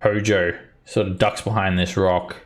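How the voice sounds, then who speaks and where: A man running a tabletop game as dungeon master, narrating scenes with fillers and pauses. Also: deep voice, flat delivery.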